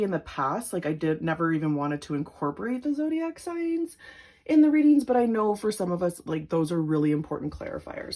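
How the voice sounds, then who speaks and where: A young tarot reader with a mellow voice on the low side gives a casual, upbeat reading. She's chatty and giggly, with plenty of fillers.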